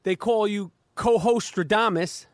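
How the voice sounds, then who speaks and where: Stammering high-voiced man hosting. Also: measured pace, dry recording, studio quality. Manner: stammering, repeats words often. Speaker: podcast host. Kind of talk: comedic sports podcast chat.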